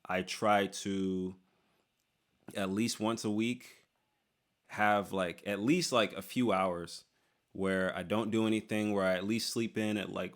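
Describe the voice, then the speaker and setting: A young man with a slightly low voice chats loosely while reading out and answering viewer questions. He jokes a lot, leans on "dude" and "like", and often restarts his sentences mid-thought. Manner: loose and joking, lots of "dude" and "like", trails off and restarts. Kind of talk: casual Q&A chat.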